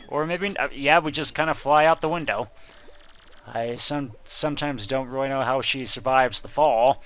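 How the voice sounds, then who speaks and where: Brief: male let's-play host, bright tone, joking and sarcastic. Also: mid-range voice, normal speed, clean tone, faint music behind. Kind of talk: gameplay commentary.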